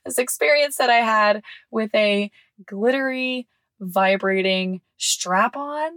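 A woman hosting a podcast, telling a personal story in casual chat, frank and expressive, swearing freely and laughing often. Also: fairly high pitch, slow pace, dry recording. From California. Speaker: podcast host. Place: visiting family in the South.

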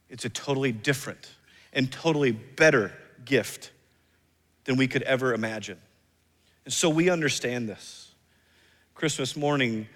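A man in his thirties preaching a sermon as pastor, emphatic, slowing down and dropping soft on key phrases. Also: on the high side. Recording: long reverb of a large hall.

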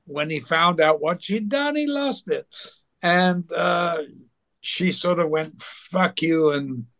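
An older man, an actor being interviewed, telling anecdotes at an unhurried pace and briefly acting out other people's voices. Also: high-pitched, expressive, a bit bright. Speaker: actor guest. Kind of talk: anecdotal storytelling.

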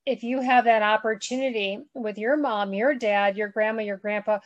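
A woman's voice: a little high, normal speed, dry recording, muffled recording. A woman hosting a podcast, talking earnestly in a rambling, conversational way. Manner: earnest, rambling, backs up and restarts. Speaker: podcast host.

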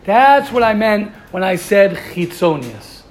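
Brief: high-voiced male rabbi, passionate and rambling, light noise behind. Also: big pitch swings, slow pace. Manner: passionate, repeats words and restarts often. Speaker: yeshiva rabbi. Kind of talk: informal Torah talk.

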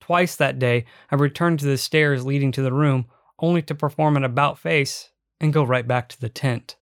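A man giving measured, reflective first-person audiobook narration. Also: mid-range voice, dry recording, clean studio sound.

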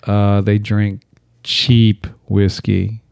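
A man with a low, warm, mellow voice who chats in a relaxed way. He tells easygoing stories and laughs at them himself, and the recording is dry and close. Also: very slow, vocal fry, clear, resonant tone, no room sound. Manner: laid-back, laughs at his own stories. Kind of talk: casual chat, storytelling.

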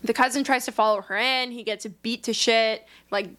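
A young woman hosting a casual book podcast, her voice sitting a little high. She barrels through the plot with profane glee, acting out characters along the way. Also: moderate pace. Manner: animated retelling, profane, acts out characters. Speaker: podcast co-host. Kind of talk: casual book review chat.

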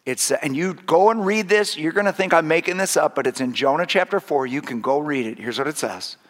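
A man's voice: on the high side, brisk, big-room sound. A man preaching a sermon as pastor, retelling stories in a conversational, humorous way with frequent restarts.

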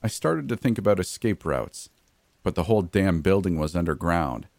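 A man's voice: low voice, expressive, moderate pace, vocal fry, darkish tone, no room sound. A man narrating a first-person horror story in a gritty, blunt way, with frequent mild cursing.

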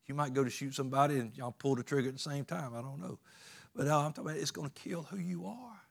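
A man's voice: mid-range voice, steady tone, fast talker. A man preaching a sermon in a folksy, emphatic way, with plain rural grammar.

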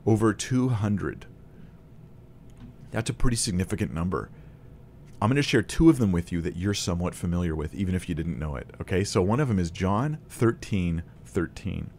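A man's voice: low voice, animated, brisk, a little mellow, slight background noise. A man teaching a Bible lesson to camera in a casual, conversational way, thinking aloud with restarts and small laughs.

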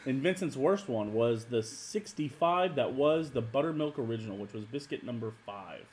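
A man's voice: mid-range voice, lively intonation, normal speed, a little mellow. Joking young man running a taste test. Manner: loose, joking, apologetic. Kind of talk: casual group banter.

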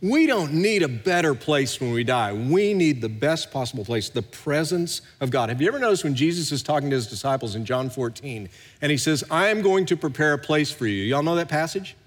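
A middle-aged pastor preaching a sermon, swinging between hushed and loud, recorded in a large church hall. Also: male voice, a little high, expressive, a little fast. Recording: long hall reverb.

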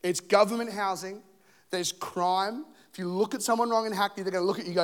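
High-voiced joking male preacher. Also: normal speed, long pauses. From England. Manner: animated, joking, acts out scenes and voices. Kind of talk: storytelling sermon with humor. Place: church stage.

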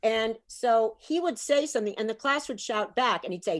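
Animated joking middle-aged woman. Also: a little high, normal speed. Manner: animated, joking, laughs between lines. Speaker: guest. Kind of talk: comic storytelling in casual chat.

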